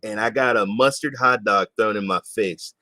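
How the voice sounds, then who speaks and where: A man's voice: fairly low pitch, normal speed, sharp tone, no echo. A middle-aged man co-hosting a gaming podcast in laid-back casual chat, often saying "man" and "bro". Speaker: podcast co-host.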